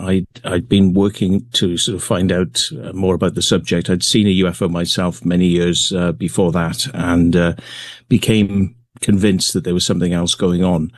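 A man being interviewed, talking in a relaxed way with many pauses and fillers. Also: sits low, no room sound. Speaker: guest, crop circle maker. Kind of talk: remote interview.

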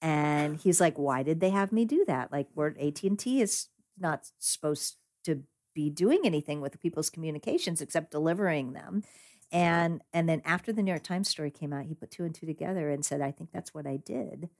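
A woman guest telling a story in a lively, conversational way, with frequent restarts and laughter. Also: low voice, fairly quick. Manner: animated, laughs often, many restarts. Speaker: guest, digital rights lawyer.

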